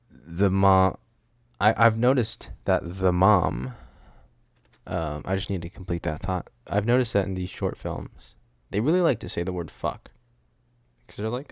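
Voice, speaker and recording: A young man with a fairly low voice rambles through a solo podcast, sarcastic and prone to cutting off his own sentences. He speaks close to a studio mic with a windscreen, and the sound is dry with no room echo. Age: young adult. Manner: rambling, sarcastic, self-interrupting. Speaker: podcast host.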